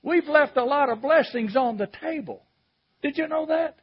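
A man preaching a sermon, shifting between shouted emphasis and quiet, reflective reading. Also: extremely high pitch, moderate pace, muffled recording.

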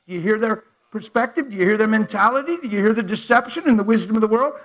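Male preacher, high and bright-toned, impassioned sermon delivery that swings between hush and shout. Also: fast, few pauses.

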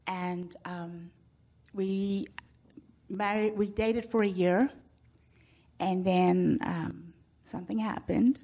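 An older woman from Zimbabwe shares her life testimony before an audience. Her voice sits at an ordinary middle pitch, and she tells the story in an animated way, with candid, self-teasing humor. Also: slow, pauses often. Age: 60s. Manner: animated storyteller who acts out quoted voices; frank and self-mocking humor. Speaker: speaker sharing her testimony. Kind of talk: personal testimony told to an audience.

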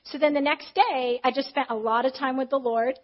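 Woman preacher, high bright voice, chatty storytelling sermon, slightly muffled audio. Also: fairly quick. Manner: candid, animated retelling with acted quotes.

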